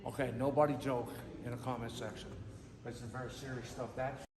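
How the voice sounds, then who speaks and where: A man's voice: mid-range voice, fairly quick, crowd noise, natural voice. A man putting on a dim-witted, brash fat guy character with a dopey voice, filmed outdoors. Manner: dopey put-on voice, goofy deadpan jokes. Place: outdoors at a museum.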